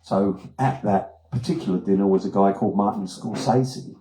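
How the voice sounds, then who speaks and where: An older Australian man gives a talk made of anecdotes, animated and full of acted-out voices. His speaking voice is fairly low. The sound is roomy and echoing. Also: moderate pace. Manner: animated storyteller, acts out voices. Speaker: guest speaker. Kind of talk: anecdotal presentation. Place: wellness retreat room. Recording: echoey room.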